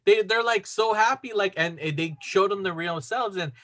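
A man's voice: sits high, normal speed, fairly bright tone. Rambling man recapping a movie. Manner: rambling, many "like" fillers. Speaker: podcast co-host. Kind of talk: casual movie recap chat.

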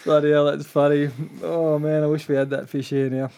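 A man's voice: fairly high pitch, little pitch movement, normal speed, warm tone. A man co-hosting a podcast, easygoing and laughing along in casual chat.

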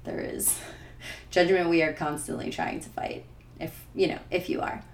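A woman's voice: deep voice, fairly even intonation, normal speed, gravelly, reverberant, slight background noise. A young woman podcaster talking candidly and searchingly to herself, with many fillers and a tearful edge at times. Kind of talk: personal reflective monologue.

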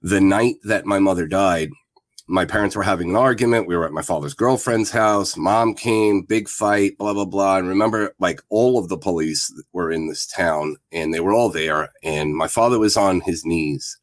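A man's voice: sits low, moderate pace, dry recording. A man in his fifties, a guest telling a candid personal story in a plain-spoken, reflective way. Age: 50s.

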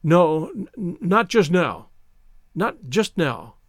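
A man's voice: sits high, very animated, brisk, no echo, studio quality, pitched above the performer's own voice. A man reading aloud and voicing a vain, easily swayed young woman with a breathless, emotional delivery. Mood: distressed.

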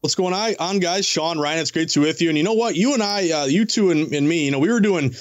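A man joining a sports show to break down betting picks, talking at a quick clip. He is energetic and reels off numbers and trends with casual asides. His voice sits a little high and the sound is dry and close. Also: no room sound, lo-fi sound. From New England. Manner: energetic, rapid-fire stats with casual asides. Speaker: sports betting guest analyst. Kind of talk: fast sports betting talk on a call-in line. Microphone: phone or remote line.

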